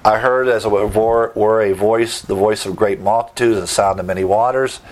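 A man's voice: on the low side, steady tone, normal speed. A man preaching a sermon, teaching verse by verse with emphatic asides and rhetorical questions. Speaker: pastor.

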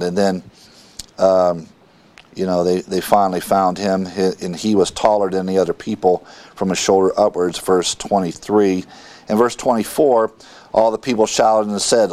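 A man teaching a verse-by-verse Bible lesson, reading scripture aloud and explaining it with halting asides and fillers. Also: low-pitched, steady tone, a little mellow.

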